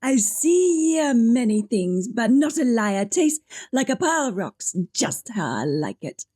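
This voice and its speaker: Video game voice: a hearty, blunt dwarf woman with a Scottish accent and a husky voice, slow delivery, faint music behind, done by a woman. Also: on the high side, very animated, mellow, exaggerated voice. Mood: gruff. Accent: put-on Scottish. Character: gruff female dwarf warrior with a Scottish accent.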